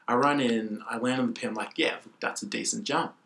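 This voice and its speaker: Gravelly young man, chatty storyteller. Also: medium pitch, brisk, poor audio. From Australia. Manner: animated, says "like" constantly. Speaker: triple jumper guest. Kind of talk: casual interview storytelling.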